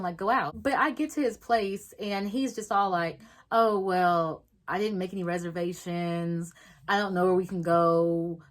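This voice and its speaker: A young woman vlogger telling a storytime, swearing freely and acting out everyone's lines in lively voices. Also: mid-range voice, poor audio. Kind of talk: storytime vlog.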